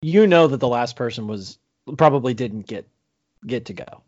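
A man co-hosting a podcast who reacts to a story with quick quips. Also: mid-range voice, animated, darkish tone, no room sound. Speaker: podcast co-host. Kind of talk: casual chat, reacting. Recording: dull lo-fi sound.

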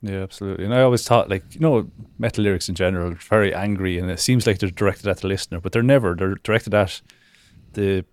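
A man's voice: deep voice, fast talker. A man in a casual music discussion who thinks aloud with hesitant phrasing.

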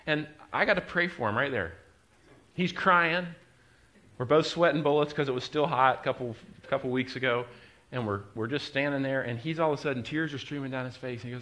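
A middle-aged man, preaching a sermon and telling a story, moving from quiet, confiding asides to loud, driving emphasis. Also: medium pitch, fast talker. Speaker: pastor.

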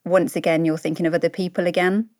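A woman's voice: on the low side, steady tone, quick pace, dry recording, studio quality. Sniffly, rambling woman co-host. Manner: warm-hearted, rambling, self-deprecating. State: sniffly, stuffy nose. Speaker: podcast co-host. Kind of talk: reflective interview talk.

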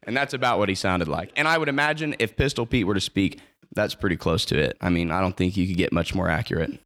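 A young man explains things plainly and earnestly as a podcast guest. His voice is on the low side. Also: fast talker, a bit bright. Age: young adult. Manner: earnest, matter-of-fact. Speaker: guest, university mascot performer. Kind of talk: casual podcast interview.

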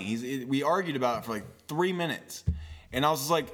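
A man hosting a casual podcast, telling a profane anecdote in an animated way. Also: mid-range voice, fast talker. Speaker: podcast host. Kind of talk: casual chat, storytelling.

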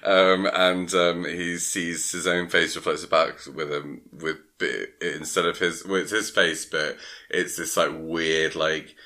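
A man's voice: low voice, steady tone, slow pace, sharp tone. A man, co-hosting a podcast, casually recapping a film plot in a rambling way, full of fillers.

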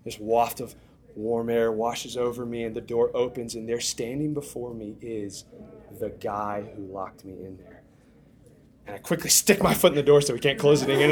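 A young man preaching, telling a funny story with big swings from hushed lines to shouted ones. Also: medium pitch, fairly even intonation, normal speed. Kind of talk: storytelling sermon.

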